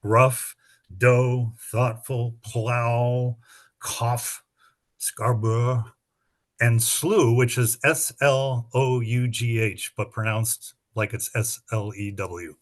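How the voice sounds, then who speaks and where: A middle-aged man running a spelling bee, his voice sitting at an ordinary middle pitch. He explains the rules at length and reads out each word with a sample sentence. His manner is chatty and explanatory, with dry humor. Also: fairly even intonation, drawn-out words. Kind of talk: reading rules and practice words to teams.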